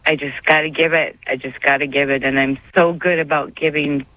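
A woman's voice: deep voice, fairly even intonation, brisk, no room sound. A woman calling in to a radio show, speaking in a heartfelt, tearful, rambling way. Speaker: caller. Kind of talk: call-in radio conversation. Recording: muffled dry phone line.

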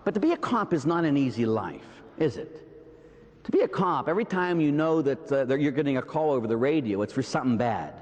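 A Catholic priest with a Pittsburgh accent delivers a sermon, his pitch swinging widely up and down. He keeps throwing rhetorical questions at the congregation. His voice rings out in the long reverb of a large church. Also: a little fast, lo-fi sound. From Pittsburgh, USA. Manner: animated preaching, peppered with rhetorical "huh?" and "right?".

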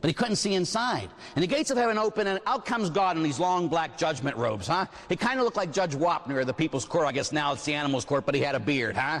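Male retreat preacher, lively storytelling sermon, slightly high voice, long hall echo. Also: fast talker, hardly any pauses. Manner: animated, frequent "huh?" asides. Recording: long echoing hall reverb.

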